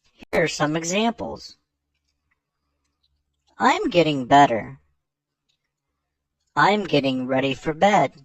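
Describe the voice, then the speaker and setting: A slow, carefully paced teaching voice that reads example sentences one by one. The intonation rises and falls in a lively way, and the sound is dry and close. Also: mid-range voice, dry recording. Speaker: English teacher. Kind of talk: scripted lesson narration.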